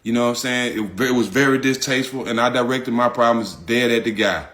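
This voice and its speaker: A man's voice: mid-range voice, brisk, a bit bright. A man talking casually and emphatically to his audience, repeating his points in loose slang. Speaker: public figure speaking out. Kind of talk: casual direct-to-audience talk.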